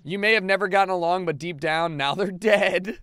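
A young man giving profane, excitable let's play commentary as a gaming video host, now and then bursting into shouts. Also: high-pitched, brisk, clean tone.

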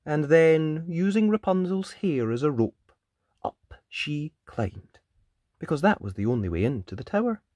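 A storyteller reading a children's picture book aloud, expressive, with whispered sound effects. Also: medium pitch, a little slow, no echo.

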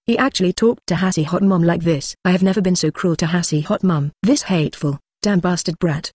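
An arrogant male ninja warlord who boasts and threatens, as a flat text-to-speech voice reads him in an audiobook. The lines come out level and dry, with no real acting. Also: medium pitch, brisk, no room sound, lightly acted. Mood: raging.

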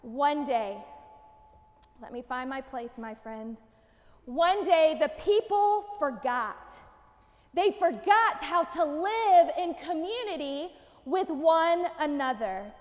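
A woman pastor leads a children's sermon in a very high, bright voice, taking her time over each phrase. She is animated and coaxing as she draws the kids into gestures. Her voice rings with the long reverb of a church sanctuary. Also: slow pace.

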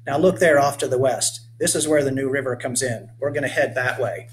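A man's voice: mid-range voice, a little fast, close to an everyday voice. A hearty, welcoming captain giving a little tour in a children's storybook, read by a man. He calls out greetings and explains things patiently, with a faint hum underneath. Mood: explaining. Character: friendly male boat captain, hearty tour guide.

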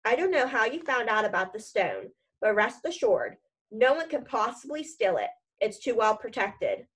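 A woman reading aloud as a strict older woman professor, brisk and stern. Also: fairly high pitch, sing-song, husky.

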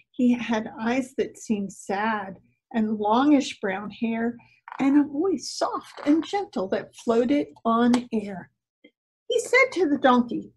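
A woman reading a rhyming story aloud at a church service, slow and expressive. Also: on the high side, slightly rough, low-quality recording.

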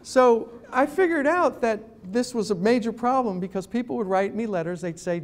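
A middle-aged man with a high voice gives a humorous talk to a live audience at an ethics chapter meeting. He tells stories and acts out the voices of the people in them. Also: expressive, normal speed, hardly any pauses. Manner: storytelling, acts out voices in his anecdotes. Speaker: guest speaker.

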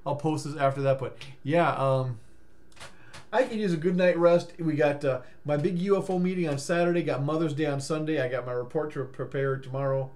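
Casual vlogger, male, tired, rambling and stammering, slightly high voice, goofy sing-song bursts. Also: a little fast, a little mellow. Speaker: life coach vlogger.

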